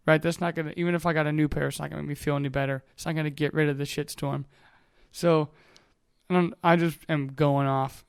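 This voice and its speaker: A man's voice: a little high, clear, resonant tone. A man in his twenties talking candidly in a casual motivational monologue, rambling and swearing freely. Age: 20s. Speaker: vlogger.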